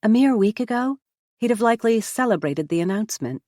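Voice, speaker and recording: A woman narrating a first-person historical novel as an audiobook, measured and reflective. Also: a little high, expressive, warm tone, dry recording, clean studio sound.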